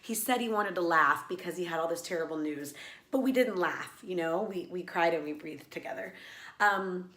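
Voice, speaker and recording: A woman's voice: lowish voice, normal speed, a bit bright, roomy sound. A woman who teaches laughter yoga, talking earnestly and reflectively in a personal vlog, with many fillers and restarts.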